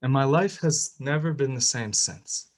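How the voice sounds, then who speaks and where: A man's voice: mid-range voice, a little slow, poor audio. A young man giving a personal faith testimony, telling his story with strong feeling and many restarts. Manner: emotional storytelling, rising and louder at the climax, many restarts.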